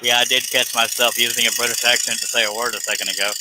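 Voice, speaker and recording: A man's voice: mid-range voice, little pitch movement, quick pace, very noisy. A man hosting a casual live stream while he carves, easygoing and self-deprecating, laughing often.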